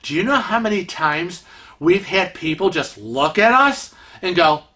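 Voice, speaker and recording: A man's voice: high-pitched, expressive, unhurried, pushed and bright. A man hosting a vlog segment on cruise etiquette, calling out bad behavior in an indignant, emphatic way. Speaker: vlog host.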